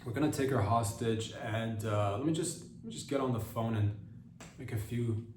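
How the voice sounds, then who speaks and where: A man's voice: medium pitch, darkish tone, a little hiss or hum. Rambling man in an echoey room. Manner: rambling, self-interrupting, quick asides. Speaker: comedy podcast host. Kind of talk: improvised comedy monologue. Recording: roomy, voice far from mic.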